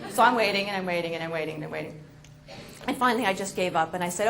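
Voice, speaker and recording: Animated New woman telling a story. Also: lowish voice, rapid-fire, creaky, a little hiss or hum. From New York. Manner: animated, self-mocking, expressive. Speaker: motivational speaker. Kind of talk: storytelling speech to an audience.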